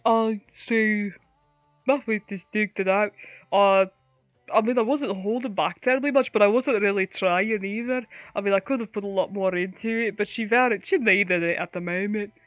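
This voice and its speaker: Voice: medium pitch, moderate pace, no room sound, dull audio, soft background music. A player narrating their character's actions in a tabletop role-play, rambling with many fillers and frequent laughter.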